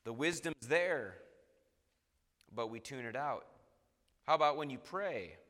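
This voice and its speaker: Bright-voiced preacher man, echoing hall. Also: medium pitch, expressive, a little slow. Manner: emphatic, repeats phrases for stress. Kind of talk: sermon.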